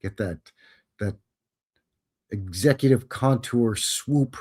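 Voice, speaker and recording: A man's voice: medium pitch, slow, darkish tone, breathy edge. A man voicing a vain mustachioed man who is musing about landing a film role.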